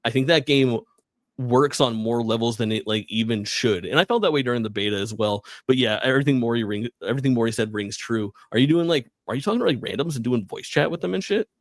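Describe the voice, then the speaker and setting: A young man co-hosting a podcast, talking in a relaxed, rambling way full of "like" and "dude". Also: mid-range voice, fast talker, no room sound, studio quality. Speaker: podcast co-host. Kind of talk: casual podcast chat.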